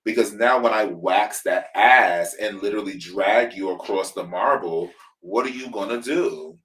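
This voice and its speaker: Low-voiced man recapping a show, animated. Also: measured pace, far from the mic, low-quality recording. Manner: animated storytelling, acts out quotes, swears freely. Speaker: podcast co-host. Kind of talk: casual review chat.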